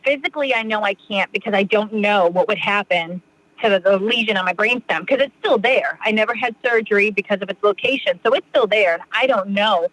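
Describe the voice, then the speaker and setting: A woman's voice: mid-range voice, fairly quick, fairly bright tone, no room sound, low-quality recording. A woman in her thirties from Massachusetts, a podcast guest chatting casually about her recovery, rambling with lots of "you know" and restarts. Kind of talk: casual interview talk.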